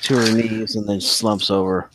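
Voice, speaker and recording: A man's voice: fairly low pitch, flat delivery, normal speed, very noisy. A man narrating a tabletop game as game master, telling the action in vivid, profane detail.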